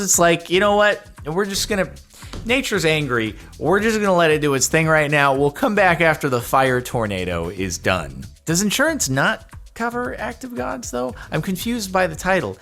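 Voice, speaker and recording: A young man hosting a reaction video, rambling and joking in casual commentary. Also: a little high. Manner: animated, rambling, jokey.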